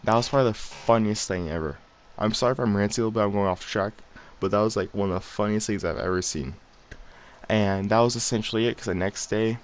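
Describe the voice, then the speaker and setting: Tired teenage boy rambling through a story. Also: on the low side. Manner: rambling, loose, with many fillers and restarts. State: tired, late at night. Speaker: vlogger. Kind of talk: casual storytelling to camera.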